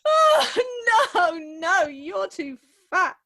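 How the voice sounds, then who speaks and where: A woman's voice: high voice, expressive, normal speed, a bit bright. A woman playing a weepy, melodramatic young bride. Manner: wailing, melodramatic. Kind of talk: Zoom radio play acting.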